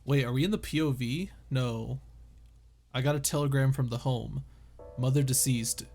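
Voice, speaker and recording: A man's voice: mid-range voice, normal speed, darkish tone, faint music behind. A man streaming casually, reading a novel aloud to chat while joking, swearing and laughing between lines. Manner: joking, swears freely, lots of laughing asides.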